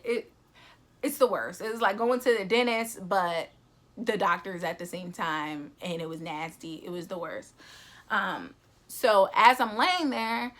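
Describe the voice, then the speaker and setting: Young woman vlogger, bright voice, animated storytelling, acts out everyone's lines. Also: medium pitch. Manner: animated, acts out quotes, many fillers. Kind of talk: personal storytelling.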